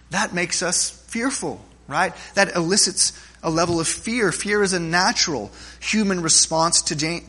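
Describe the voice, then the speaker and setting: A man's voice: fairly high pitch, sharp tone. A man preaching a sermon to his congregation, conversational and joking, often checking in with "right?" and restarting his phrases. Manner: humorous stories, frequent restarts. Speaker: pastor.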